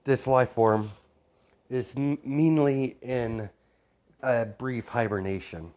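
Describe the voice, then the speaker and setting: A man's voice: mid-range voice, takes it slowly, lightly acted. A man doing a formal AI assistant voice. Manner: flat formal reporting. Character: calm male AI assistant, formal and mechanical.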